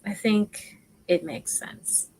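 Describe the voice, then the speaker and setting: Over a rough recording, a woman with a slightly mellow voice teaches crochet on a laid-back livestream. She talks slowly and chattily, undercuts herself with humor, and often goes quiet to murmur her stitch counts.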